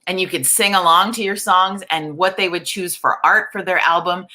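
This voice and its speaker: A woman in her forties hosts a live online coffee chat, croaky from the morning. Her voice sits low, yet it is bright and forceful, and she chats along in an upbeat way. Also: expressive, moderate pace. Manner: chatty, upbeat, reads viewer comments aloud. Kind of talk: casual live-stream chat.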